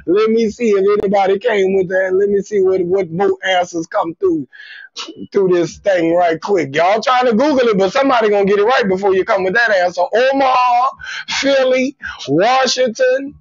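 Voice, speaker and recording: A man's voice: high-pitched, normal speed, no room sound. A man hosting a live comedy stream, running trivia and teasing viewers with profane, laughing banter over dry, dull lo-fi audio. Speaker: comedian host of a live show.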